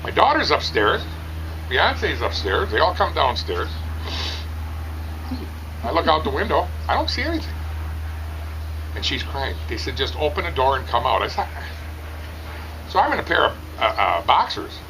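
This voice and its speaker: A middle-aged man telling a rambling, animated story, casually chatting outdoors at a barbecue competition. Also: a little high, measured pace, long pauses, noisy background.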